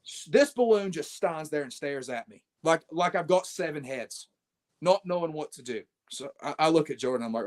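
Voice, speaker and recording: A man, a wrestler guest on an interview show, telling a blunt, animated story and acting out his own quoted lines. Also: on the high side, moderate pace.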